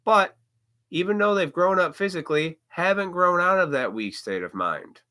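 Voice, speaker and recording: A man's voice: sits high, expressive, moderate pace, bright, forceful tone. A man hosting a live stream, talking bluntly and with plenty of profanity in a ranting monologue.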